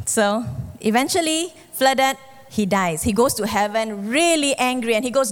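A woman preaching a sermon, telling stories and acting out the characters with lively shifts of voice. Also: moderate pace. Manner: animated storytelling, acts out characters with shifting pitch. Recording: long hall reverb.

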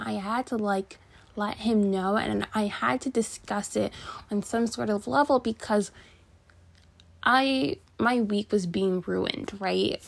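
A young woman with a gravelly, mid-range voice chats casually on her podcast, rambling through a personal story and often restarting or filling gaps with fillers.

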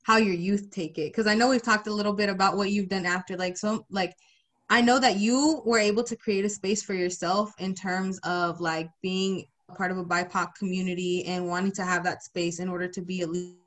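A woman's voice: fairly low pitch, steady tone, brisk, fairly bright tone. A young woman hosting a podcast, upbeat and chatty, with lots of fillers. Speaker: podcast host.

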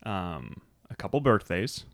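A man in his thirties co-hosting a podcast, telling a relaxed story in casual chat. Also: low-pitched, measured pace, gravelly, no room sound. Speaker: podcast co-host.

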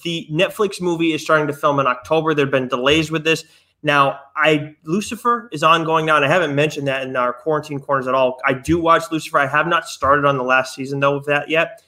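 Bright-voiced chatty male co-host. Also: on the high side, a little fast. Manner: chatty, trails off in asides and restarts. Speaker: podcast co-host. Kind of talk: casual chat.

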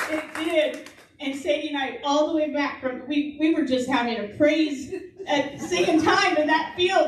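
A woman's voice: sits high, unhurried, noisy background. A middle-aged woman giving a chatty storytelling sermon at church, laughing often as she talks. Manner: chatty, laughs often while telling stories. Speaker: speaker at a church service. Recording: echoey church hall from a distant mic.

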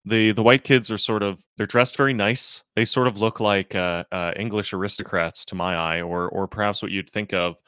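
A man's voice: on the low side, steady tone, moderate pace, hardly any pauses, fairly bright tone, clear, resonant tone, dry recording, studio quality. A man co-hosting a podcast in casual chat, sarcastic and prone to exaggerated mock praise, often restarting and repeating words. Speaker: podcast co-host.

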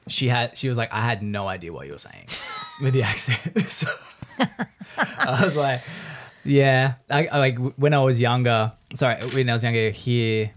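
Australian male podcast host, easygoing chat, laughs a lot, mid pitch. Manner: laughs often, tells stories in quick bursts. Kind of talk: casual chat.

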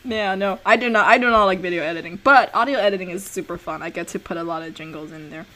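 A young woman hosting her own podcast in a loose, rambling chat. She strings thoughts together with constant fillers and trailing asides. Her voice sits a little low for a woman. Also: fast, a bit bright. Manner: rambling, heavy use of "like". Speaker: podcast host. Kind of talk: casual chat.

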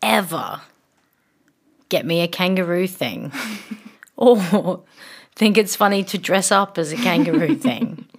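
Giggly teasing woman, lively up and down pitch, kinda breathy. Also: slow, pauses often. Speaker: podcast co-host. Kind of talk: casual chat.

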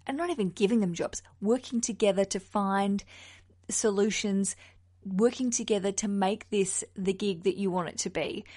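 A woman from Australia hosting a podcast in casual chat, frank and expressive, swearing casually. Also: mid-range voice. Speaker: podcast host.

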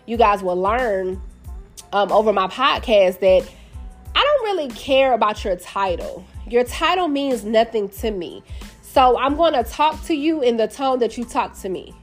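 Sassy woman in her thirties. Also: mid-range voice. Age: 30s. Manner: candid and sassy, addresses listeners as y'all and baby. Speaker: podcast host. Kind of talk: casual storytelling monologue. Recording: faint music in the background.

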